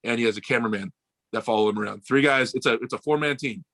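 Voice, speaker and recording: Fast, bright-voiced young American man. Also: mid-range voice, no echo. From United States. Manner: animated, swearing, acts out quoted voices. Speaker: podcast guest. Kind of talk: casual storytelling chat.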